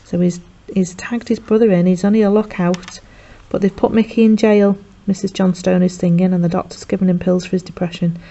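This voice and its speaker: A woman's voice: fairly low pitch, flat delivery, mellow. A woman teacher, chattily retelling a play for revision and acting out the characters' lines. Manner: chatty, acts out characters' lines in quick voices. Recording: dull lo-fi sound.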